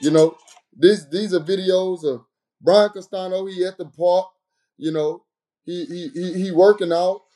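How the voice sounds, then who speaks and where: A man's voice: high-pitched, fairly even intonation, measured pace, dark tone. A professional boxer, a man, speaking straight to the camera in an emphatic, aggrieved monologue that keeps circling back to the same points. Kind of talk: impassioned direct-to-camera monologue.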